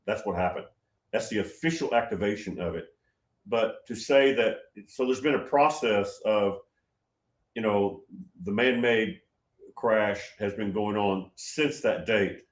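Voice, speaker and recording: Excitable 71-year-old man in an echoey room. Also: fairly low pitch, unhurried. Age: 70s. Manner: gets loud and excited, many restarts. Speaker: livestream host answering chat. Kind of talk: casual livestream talk.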